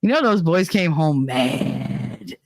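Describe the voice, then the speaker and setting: Brief: middle-aged woman host, lower voice, animated storyteller, dry close sound. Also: slow pace, no room sound. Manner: animated, swears, mimics others' voices. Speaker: channel host. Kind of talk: casual storytelling chat.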